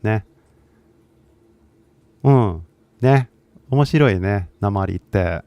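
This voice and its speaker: A man's voice: lowish voice, lively intonation, slow, warm tone, clear, resonant tone, no room sound. A man with a Californian accent, an English teacher chatting casually and filling his talk with fillers as he switches languages. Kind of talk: casual livestream chat.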